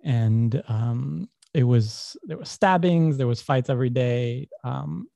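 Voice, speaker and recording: A man's voice: medium pitch, expressive, slow, vocal fry, dark tone, no echo, clean studio sound. A young adult man, rambling through personal stories in casual conversation and laughing as he tells them. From New York. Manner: rambling, self-correcting, laughs while telling. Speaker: podcast guest.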